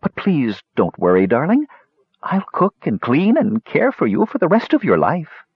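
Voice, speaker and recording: A man's voice: mid-range voice, huge pitch swings, normal speed, slightly rough, no echo. A man voicing a frail old witch woman who dotes tenderly and gushes, in a slightly muffled recording. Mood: doting. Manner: tender, gushing.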